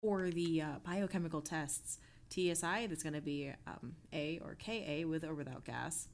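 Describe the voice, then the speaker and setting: A woman's voice: sits low, normal speed. A young woman streaming a study session, reading her notes aloud with many fillers and self-corrections, then breaking off to joke with her chat. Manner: breaks off to react playfully to chat.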